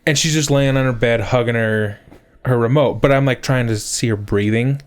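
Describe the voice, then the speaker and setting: A man, a podcast co-host in his thirties, telling a story in casual chat, swearing a lot and getting loud as it builds. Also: medium pitch, normal speed, clear, resonant tone. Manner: animated storyteller, swears often, rising to shouts.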